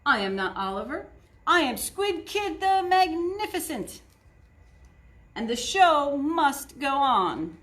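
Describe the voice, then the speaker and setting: A woman's voice: high voice, big pitch swings, takes it slowly, fairly bright tone, voice pushed up, heavily acted. A woman voicing a showy boy squid magician. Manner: showy, theatrical, grandiose.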